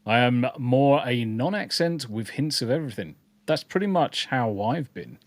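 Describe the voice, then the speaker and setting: Speaking in an animated, medium-pitched voice at normal speed, a Midlands man co-hosts a casual podcast, reading comments with rambling, jokey asides and repeated words. His accent is a mix of English, partly southern, and the recording is dry.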